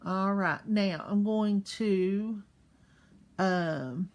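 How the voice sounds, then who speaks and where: A woman teaching young children in a slow online class, patiently sounding out words syllable by syllable. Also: medium pitch, a little mellow.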